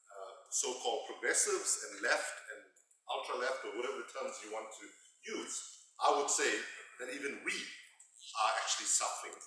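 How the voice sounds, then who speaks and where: A man's voice: medium pitch, pushed and bright, far from the mic, slight background noise. A South African man in his fifties giving a humorous, self-deprecating keynote speech at a conference. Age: 50s. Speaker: keynote speaker. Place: large lecture hall. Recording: echoey hall, mic from afar.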